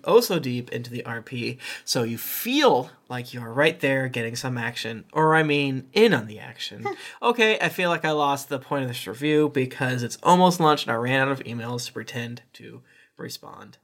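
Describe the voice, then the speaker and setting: A podcast host, a man with a slightly high voice, reads listener reviews in a loose, casual way. He keeps breaking into chuckles and tossing in playful asides between lines. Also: fairly bright tone.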